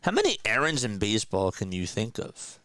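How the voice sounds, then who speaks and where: A man doing relaxed play-by-play commentary for a stream, chatting with his viewers between pitches. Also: fairly quick, dry recording. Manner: casual, chatty, talks to viewers. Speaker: play-by-play host. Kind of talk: amateur play-by-play commentary with chat.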